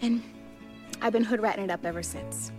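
A woman's voice: mid-range voice, fairly quick, over music, close to an everyday voice. An actress playing a teen girl who puts on heavy street slang, then drops it to speak with careful enunciation. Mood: confessional. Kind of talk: film dialogue.

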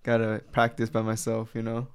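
A man in a casual talk, soft-spoken and hesitant, describing himself as shy and timid. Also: lowish voice, monotone, normal speed, smooth. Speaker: co-host. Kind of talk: casual chat.

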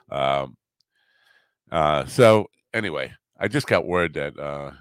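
A middle-aged man hosting a talk radio show, chatting casually and rambling, halting often with fillers and self-deprecating asides. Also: low voice, fairly bright tone, no room sound, studio quality.

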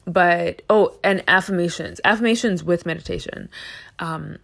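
A woman hosts her own podcast in a loose, chatty monologue, talking to her listeners in an animated, emphatic way with plenty of slang. Her voice sits a little low, with a gravelly fry running through it. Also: fairly quick. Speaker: podcast host. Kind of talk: casual solo monologue.

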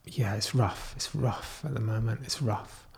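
A man with a somewhat low voice talks straight to camera in a raw video diary. He sounds close to tears. He stumbles, restarts and trails off into quieter stretches as he talks. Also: a little slow, gravelly. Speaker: vlogger.

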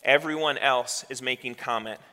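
A man's voice: medium pitch, moderate pace, bright, forceful tone. A male pastor preaching a sermon in a conversational way, asking rhetorical questions as he goes. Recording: long hall reverb.

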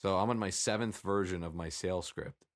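A man co-hosting a casual business chat over a video call, talking in a reflective, halting way about his sales. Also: deep voice. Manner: reflective, halting, with frequent restarts. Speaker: business owner and podcast co-host.

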